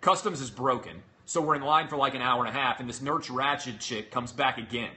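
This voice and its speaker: A man's voice: mid-range voice, fairly quick, bright, forceful tone. A man in his thirties hosting a talk show, retelling an ordeal in an exasperated, sarcastic way. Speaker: show host. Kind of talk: animated storytelling monologue.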